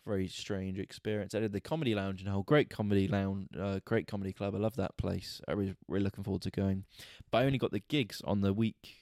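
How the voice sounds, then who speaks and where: A man vents through a casual, swear-heavy monologue, his voice sitting fairly low and sounding soft and mellow. He sounds exasperated and animated as he tells his story, recorded close and dry with almost no room sound. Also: fast talker, hardly any pauses, dry recording. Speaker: podcast host and stand-up comedian.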